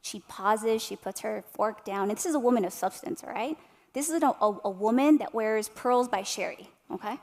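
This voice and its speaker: Woman, 30s, motivational speaker, passionate, asks the room questions, slightly high voice, long hall echo. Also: moderate pace, darkish tone. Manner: passionate, addresses audience directly with rhetorical questions. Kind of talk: inspirational keynote speech. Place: room with a live audience.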